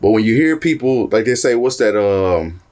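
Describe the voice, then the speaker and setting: A man's voice: on the low side, expressive, normal speed, a little mellow. A man in his thirties, a guest in a casual interview, telling stories animatedly and acting out the exchanges he describes. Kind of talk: casual conversation.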